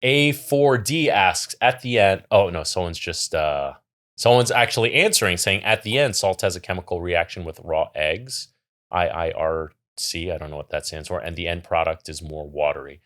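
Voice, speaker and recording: On a laid-back podcast, a middle-aged co-host reads listener questions and answers with earnest advice. His pitch is low, his pace moderate, and his tone a little bright.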